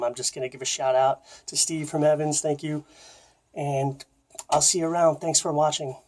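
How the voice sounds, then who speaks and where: Laid-back man teaching drums. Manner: relaxed, halting, many filler words. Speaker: drum teacher. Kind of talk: casual spoken drum lesson. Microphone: phone camera. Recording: low-fidelity phone audio.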